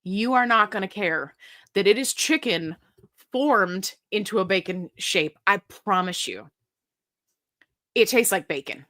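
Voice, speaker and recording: A woman's voice: medium pitch, unhurried. A middle-aged woman hosting a live stream, chatting casually as she reads viewer comments aloud and answers questions. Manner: chatty and animated, reads comments aloud, breaks into silly sung bits.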